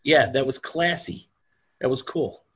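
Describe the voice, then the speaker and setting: Husky-voiced man, chatty and keen. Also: mid-range voice, unhurried, a bit bright. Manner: enthusiastic, chatty, trailing off. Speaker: podcast co-host. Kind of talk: casual chat.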